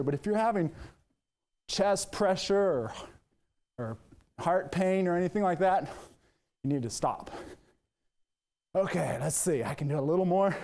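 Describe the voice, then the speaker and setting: A man's voice: sits high, animated, a little slow, long pauses, darkish tone. A man, a nurse, teaching a workout and counting out the moves, upbeat and a little out of breath at times. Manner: upbeat coaching, counting out moves while exercising. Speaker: nurse demonstrating exercise. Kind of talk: exercise demonstration lesson.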